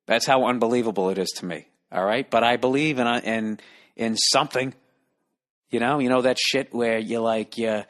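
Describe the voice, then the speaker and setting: A man's voice: medium pitch, moderate pace, fairly bright tone. Profane, exasperated man ranting. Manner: profane, exasperated, reading a listener email. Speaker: podcast host. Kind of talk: comedic podcast rant.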